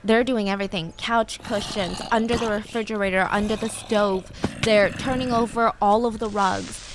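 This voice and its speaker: Young female storyteller, casual and animated, some background noise. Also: medium pitch, gravelly. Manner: chatty, animated, acts out quotes. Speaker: storytelling video host.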